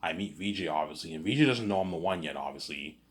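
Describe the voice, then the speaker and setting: Man, extremely low voice, casual rambling storytelling, stammering repetitions. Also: lively intonation, quick pace. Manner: rambling, stammering repetitions, constant "you know what I'm saying".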